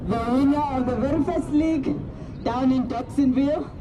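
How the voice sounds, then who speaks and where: A man's voice: very high-pitched, moderate pace, background noise. A man giving live commentary, calling out runners' positions and their clubs one by one. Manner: calls out positions and clubs in turn. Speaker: race commentator.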